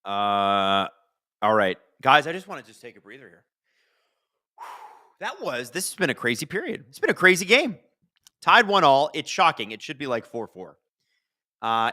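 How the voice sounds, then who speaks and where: A man hosting a live hockey watch-along, chatting and reacting loudly to plays. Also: medium pitch, very animated, moderate pace, no room sound, clean studio sound.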